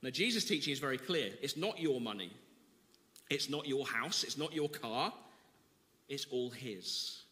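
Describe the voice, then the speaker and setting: A man's voice: medium pitch, animated, measured pace, bright, forceful tone, long reverb tail. A man preaching a sermon, reading scripture with dramatic emphasis and then explaining it conversationally. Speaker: pastor.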